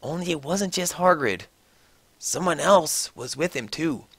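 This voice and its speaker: A man's voice: fairly high pitch, unhurried, husky, dry recording. Mock-dramatic man reading a story aloud. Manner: sarcastic, mock-dramatic, animated. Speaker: reader.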